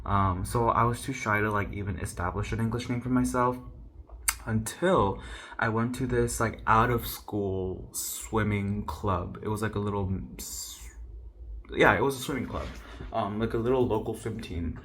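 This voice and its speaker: Low-voiced young man telling a story. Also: normal speed, a bit bright. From South Korea. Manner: chatty, self-mocking, mimics others' voices. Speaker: YouTuber. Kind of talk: casual storytelling to camera.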